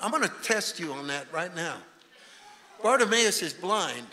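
A man preaching a revivalist sermon as a guest preacher in a church, swinging from shouting to hushed intensity. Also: high voice, animated, a little slow. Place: church sanctuary. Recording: reverberant church hall, faint room noise.

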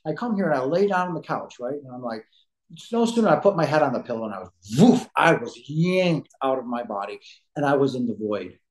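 On a rough recording, a podcast guest tells his own story fairly quickly, his mid-range voice swinging widely in pitch. He's outspoken and emphatic, punctuating things with blunt words. His talk is casual and rambling, full of fillers and sentences he abandons and starts over.

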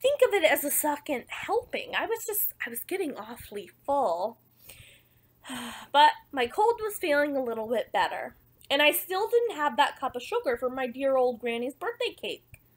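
A woman reading a picture book aloud in the wolf's first-person voice, playful and expressive, with chatty asides to listeners. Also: high voice, moderate pace. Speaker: storybook reader.

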